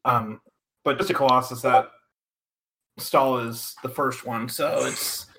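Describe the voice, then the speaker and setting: A man's voice: mid-range voice, slow pace, creaky, a crowd in the background. An American man co-hosting a podcast in casual chat, goofy, rambling and self-mocking. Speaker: podcast co-host.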